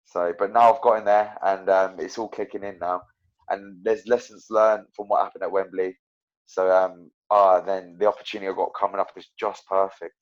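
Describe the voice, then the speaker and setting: A man's voice: deep voice, normal speed. A young man and professional fighter, talking casually as a guest, rambling with lots of fillers and restarts. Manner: rambling, full of fillers and restarts, animated storytelling. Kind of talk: casual interview chat. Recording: dull lo-fi podcast audio.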